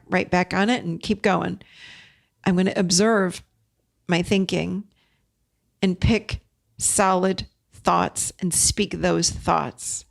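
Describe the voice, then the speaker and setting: Middle-aged podcast lady, kinda low voice with lots of fry, earnest and direct. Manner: earnest and direct, addresses listeners as "you guys". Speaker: podcast host. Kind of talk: solo podcast talk, coaching listeners.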